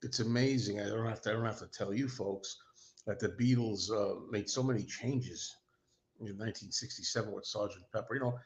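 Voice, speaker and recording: A man's voice: on the low side, fairly quick. A man hosting a casual livestream, rambling and self-deprecating, talking as an enthusiastic fan. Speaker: host.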